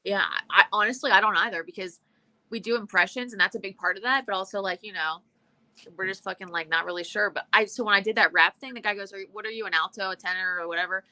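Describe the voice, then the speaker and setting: A woman in casual chat, quick-witted, laughing often and swearing. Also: medium pitch, pushed and bright. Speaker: comedian guest.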